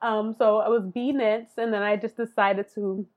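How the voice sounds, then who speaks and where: Female interview guest, chatty maker, lots of fillers, mid-range pitch. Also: little pitch movement, normal speed, phone-quality sound. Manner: chatty, laughs often, filler-heavy. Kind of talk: casual interview chat.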